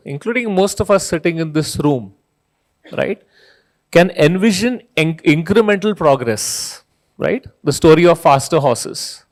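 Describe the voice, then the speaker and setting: A middle-aged man giving a conference keynote, talking in a conversational way and often tagging "right?" onto his points. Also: fairly high pitch. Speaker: keynote speaker. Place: conference hall stage.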